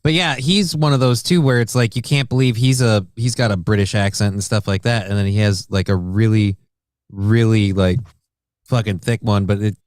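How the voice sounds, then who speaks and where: A man's voice: lowish voice, fairly even intonation, moderate pace, a little mellow, no room sound, clean studio sound. An American man co-hosting a casual talk show, rambling, swearing loosely and stalling while he hunts for names. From United States. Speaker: co-host. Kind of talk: casual podcast chat.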